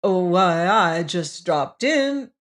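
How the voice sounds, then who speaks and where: A woman's voice: mid-range voice, animated, unhurried, lightly acted. A woman voicing a shrewd, fat, middle-aged male salesman in an audiobook, jovial and earnest, with blustering salesman talk. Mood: jovial pitch. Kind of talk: audiobook character reading.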